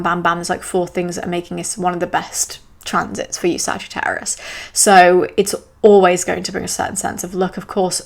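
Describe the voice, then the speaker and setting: Woman podcast host, young adult, lower-middle pitch, enthusiastic and chatty with jokey asides. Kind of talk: solo podcast monologue.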